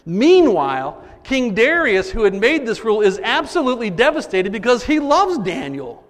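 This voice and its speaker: Male pastor, high voice, animated sermon, loud then hushed, long hall reverb. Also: a little fast, few pauses. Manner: animated, swinging from loud emphasis to soft asides.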